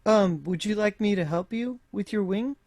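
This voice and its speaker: A man playing in a tabletop game, relaxed and hesitant with fillers. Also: sits high, normal speed, no room sound. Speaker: player. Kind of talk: casual tabletop play.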